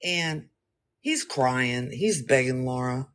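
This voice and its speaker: A man talking casually, telling a story in an animated, slangy, rambling way and speaking straight to his listeners. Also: a little high, normal speed.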